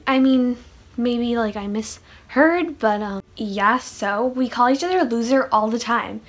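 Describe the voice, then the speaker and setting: A woman's voice: a little high, unhurried. A woman playing another girl's mother, hesitant and offhand in her defense. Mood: defensive. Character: defensive mother of the rude girl.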